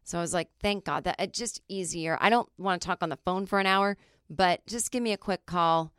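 A middle-aged woman hosting a podcast, telling stories in a chatty, animated way with lots of fillers. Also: fairly low pitch, fairly quick, clear, resonant tone, no room sound, clean studio sound. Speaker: podcast host. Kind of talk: casual comedic monologue.

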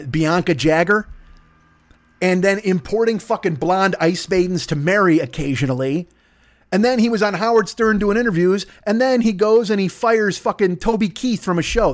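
A man ranting in a profane comedic monologue as a podcast host, swearing heavily and slipping into mocking voices. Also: high-pitched. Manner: rants with heavy swearing and mock voices.

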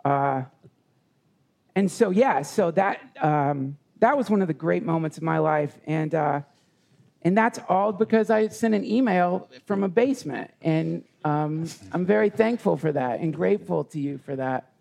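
High, gravelly man telling a story. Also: a little mellow. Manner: earnest and halting, many restarts. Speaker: guest. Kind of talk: personal storytelling in conversation.

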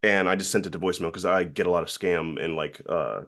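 A man telling stories in a casual chat, acting out the voices of the people he quotes. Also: fast talker. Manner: animated, acts out quotes in high voices. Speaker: voice actor guest.

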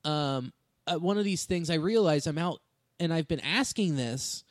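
A male comedian telling animated, profane stories in a casual podcast chat on a studio microphone. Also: a little high, moderate pace, no echo. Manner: animated storytelling with swearing. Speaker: stand-up comedian.

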